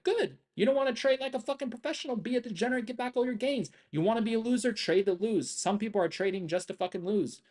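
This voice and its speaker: A man's voice: high voice, lively intonation, racing, few pauses. A man commentating his live trading stream, lecturing viewers in a blunt, profane, intense way with lots of repetition. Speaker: day-trading livestreamer.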